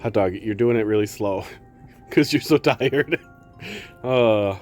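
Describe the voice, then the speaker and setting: A man's voice: on the low side, slow pace, a little mellow, soft background music. A man streaming live, chatting casually with his viewers and cooing to his pets.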